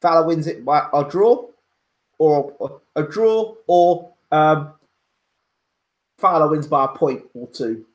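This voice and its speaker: This boxing pundit and channel host runs casual live commentary on a home microphone, audio only. His voice is a little high, and he takes it slowly with frequent pauses while insisting on his opinions and repeating his points.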